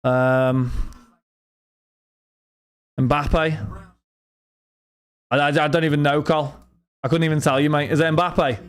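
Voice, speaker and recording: Scouse young man, card break streamer, rambling casual chat, slightly high voice. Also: fairly even intonation, slow, pauses often, clear, resonant tone. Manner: rambling, chatty, talks to chat and friends.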